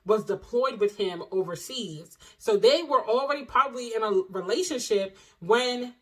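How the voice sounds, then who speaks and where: A young adult woman telling a personal story to her viewers in a casual vlog, animated and expressive, full of slang and asides to the audience. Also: a little high, moderate pace, poor audio.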